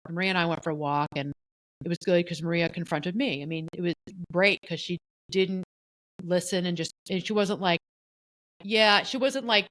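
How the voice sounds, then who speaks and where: A middle-aged woman co-hosting a podcast, telling a personal story in a candid, animated way and acting out what others said. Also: on the low side, moderate pace, dry recording, low-quality recording. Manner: candid, animated, often voices the people she quotes. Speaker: podcast co-host.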